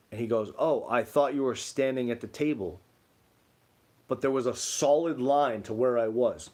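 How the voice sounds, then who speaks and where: Chatting casually while co-hosting a livestream, a man reads comments and rambles through stories, saying "like" constantly. He has a darkish, medium-pitched voice at a normal speed.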